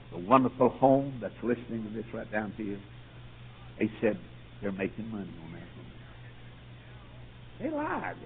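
A man, preaching a sermon with a husky voice, rising to shouts with a rhythmic repeated "uh". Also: on the high side. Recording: tinny lo-fi radio broadcast.

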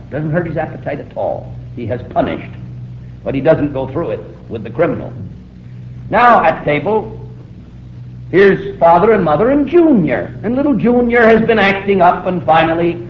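A man's voice: fairly high pitch, expressive, normal speed. A man preaching a sermon to a live audience, telling stories with emphatic, quoted voices. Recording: echoey, dull, faintly noisy old recording.

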